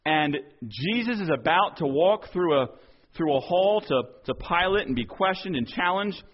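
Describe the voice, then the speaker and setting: A male pastor preaching a sermon earnestly, acting out quoted dialogue and dropping softer on key points. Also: high-pitched, lively intonation, moderate pace, dull audio.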